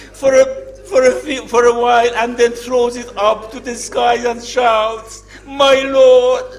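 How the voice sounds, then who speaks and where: A man narrates a dramatic religious story in a very high voice, tearful and emotional, his voice at times breaking. Faint music plays softly beneath him. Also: rough recording.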